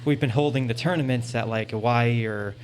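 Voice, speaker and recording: A man's voice: medium pitch, brisk, darkish tone. A young man at a convention panel, telling an earnest, rambling story into a handheld mic and often saying "you know". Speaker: audience member at a panel. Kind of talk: casual anecdote. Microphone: handheld panel microphone.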